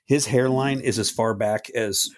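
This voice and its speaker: A man's voice: mid-range voice, fairly even intonation, unhurried, crowd noise. A middle-aged man co-hosting a podcast in casual chat, swearing freely and joking as he tells stories. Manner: profane, joking, does mocking quoted voices. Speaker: podcast co-host.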